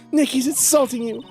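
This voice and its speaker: Man putting on a young girl sidekick, pitched way up, light and chirpy, game character. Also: darkish tone, heavily acted. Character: cheerful young female sidekick.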